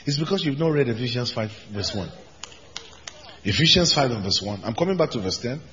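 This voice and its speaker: Delivering a forceful sermon at a brisk pace, an animated pastor swings between high shouted proclamations and softer, low asides in a bright, ringing tone. The audio is dull with a slight hiss or hum, and a long reverb like that of a big church hall.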